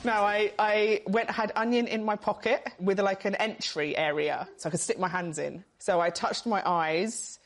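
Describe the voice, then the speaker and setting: A woman's voice: medium pitch, fairly even intonation, moderate pace, hardly any pauses. A young woman, a panel show guest, telling a funny story in a chatty, laughing way. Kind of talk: comic anecdote.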